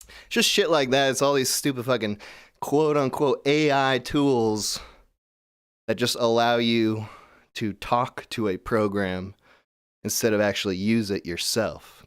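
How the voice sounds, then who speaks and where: A man's voice: medium pitch, fairly even intonation, measured pace, clean tone, dry recording, clean studio sound. A man hosting a call-in show, ranting in a cynical, profane, rambling way. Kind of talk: casual rant.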